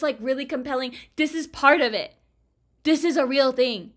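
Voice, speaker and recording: Excitable young woman gaming streamer. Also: sits high, normal speed. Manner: excitable, swearing, laughing, gushing. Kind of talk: excited casual let's-play commentary. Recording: game music under voice. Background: game music.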